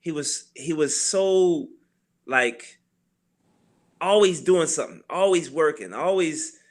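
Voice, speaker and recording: A man telling a relaxed story to friends on a video call. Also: on the high side, slow pace. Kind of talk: casual group chat over video call.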